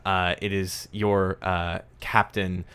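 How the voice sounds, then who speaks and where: Bright-voiced male game master. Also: sits low, little pitch movement, takes it slowly, clear, resonant tone. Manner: rambling, filler-heavy. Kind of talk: narrating a tabletop game.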